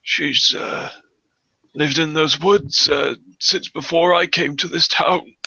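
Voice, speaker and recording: An old man of the town, plain-spoken and a little grumpy about young people, as a man puts him on. He talks haltingly and fills his pauses with "uh". The tone is very bright, and the sound is dry and close. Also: fairly high pitch, steady tone, breathy edge, dry recording, dull audio, voice pushed up, exaggerated voice. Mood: matter-of-fact. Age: older. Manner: plain-spoken, hesitant, many "uh"s. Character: old male townsperson, gruff about youth.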